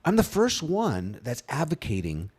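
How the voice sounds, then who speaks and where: A man's voice: measured pace, slightly rough. A man in his fifties co-hosting a casual marketing podcast, talking animatedly and jumping up into voices when he quotes people. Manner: animated, acts out quoted voices with big pitch jumps. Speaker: co-host, brand strategist.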